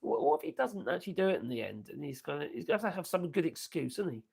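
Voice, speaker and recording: A man's voice: a little high, wildly swooping pitch, very fast, vocal fry, darkish tone, breathy edge. An older man, hosting a casual political commentary livestream and rambling chattily with asides. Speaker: livestream host.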